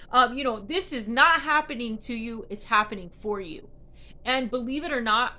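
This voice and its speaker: A woman's voice: on the high side, pushed and bright. A woman tarot reader speaking earnestly and encouragingly, reading a card's meaning and then chatting about her spiritual journey with many fillers. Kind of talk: spiritual card reading and casual talk.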